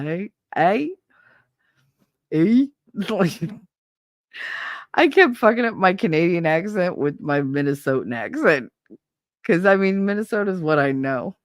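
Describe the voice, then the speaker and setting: A woman's voice: low-pitched, no echo, clean studio sound. Rambling, candid woman streamer. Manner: rambling, candid, swears freely, laughs often. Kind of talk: casual live-stream chat.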